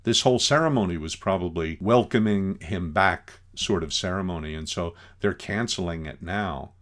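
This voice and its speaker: A man teaching a class, talking through scenes of a film in an animated, conversational way. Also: low voice, moderate pace. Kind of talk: class lecture commenting on a film.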